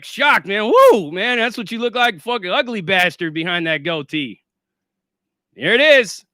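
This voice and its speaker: Male streamer, sarcastic and foul-mouthed; bright, clear voice, dry close sound. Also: high-pitched, dry recording. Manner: profane, sarcastic and boastful. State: shaky and winded after a workout. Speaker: livestream host. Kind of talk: casual livestream rant.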